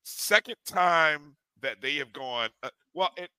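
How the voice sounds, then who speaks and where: A man's voice: a little high, expressive, slow pace, pushed and bright, smooth, no room sound, low-quality recording. A middle-aged man co-hosting a sports podcast, easygoing, with stammering restarts. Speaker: podcast co-host.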